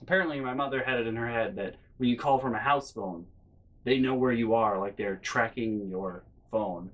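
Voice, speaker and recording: A man vlogging a comedic story from his life in a lively, profane, self-mocking way. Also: mid-range voice, moderate pace.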